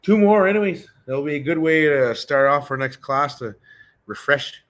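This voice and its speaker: A man teaching a casual beginner language class, talking in a relaxed, chatty way and thinking aloud with frequent restarts. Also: fairly high pitch, normal speed.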